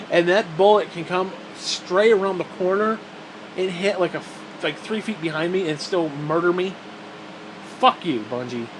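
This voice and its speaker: A man's voice: high voice, slight background noise. A man angrily ranting about a video game in a profane, sarcastic, frustrated way. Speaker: gaming vlogger.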